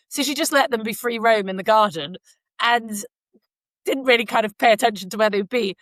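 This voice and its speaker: This woman's voice is on the high side, a little fast and a bit bright, with no echo. She co-hosts a podcast in Canada, casually rambling through stories with plenty of filler words.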